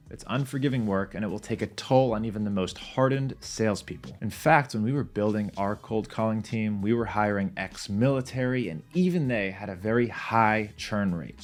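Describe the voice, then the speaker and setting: A man teaching beginners a sales method in a direct, confident, plain-spoken way. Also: on the low side. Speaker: sales trainer. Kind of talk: instructional talk to camera.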